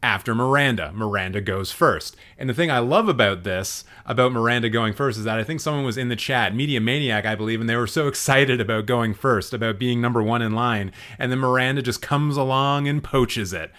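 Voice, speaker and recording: A man's voice: mid-range voice, a little fast, few pauses, sharp tone. A man hosting a comedic live stream, reading the chat with mock-menacing, profane, playful rants. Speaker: livestream host.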